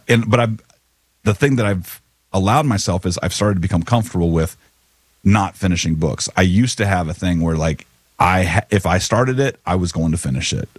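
A man with a low, slightly husky voice talks casually on a podcast, rambling a little and restarting his sentences. The recording is dry and close, with no room sound. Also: no echo. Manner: rambling, restarts and teasing asides. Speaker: podcast co-host. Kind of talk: casual chat.

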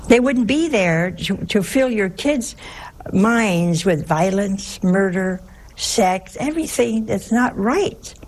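A woman's voice: medium pitch, lively intonation, slow, a little mellow. A woman who is a nun, giving a chatty sermon-style talk, telling stories and asking her listeners rhetorical questions.

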